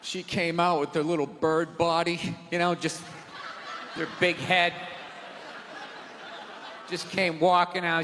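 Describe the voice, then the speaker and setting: A man doing stand-up comedy on a large theater stage, ranting loudly, sarcastic and profane. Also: fairly high pitch, little pitch movement, slow pace, pauses often. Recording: live theater reverb, crowd noise.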